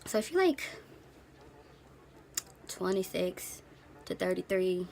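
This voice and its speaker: A woman in her late twenties, an English teacher, ranting in a casual vlog with sassy, animated storytelling and slang. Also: lowish voice, slow, creaky, a little hiss or hum. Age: late 20s.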